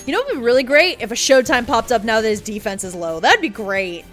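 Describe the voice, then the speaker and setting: A woman's voice: a little high, expressive, fast talker, a bit bright. A woman streaming a video game, chatting casually with sarcastic asides and swearing. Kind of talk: casual gameplay commentary. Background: game music.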